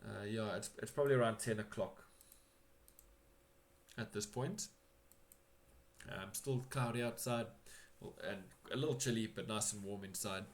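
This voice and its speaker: A man acting as game master, narrating a tabletop game in a relaxed, chatty way. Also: fairly low pitch, moderate pace, pauses often.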